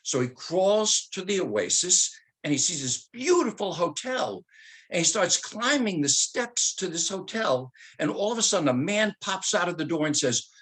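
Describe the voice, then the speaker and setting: A man's voice: high-pitched, sing-song, normal speed, fairly bright tone, husky. An older man giving a talk over a video call, teacherly and joking, asking rhetorical questions. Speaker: speaker and author. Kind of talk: storytelling talk.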